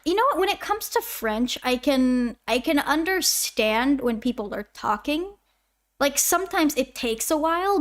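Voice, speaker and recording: A twenty-year-old woman from Canada, a YouTube animator, chatting casually on a livestream as she answers chat questions in a rambling way. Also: high-pitched. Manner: chatty, rambling, self-interrupting.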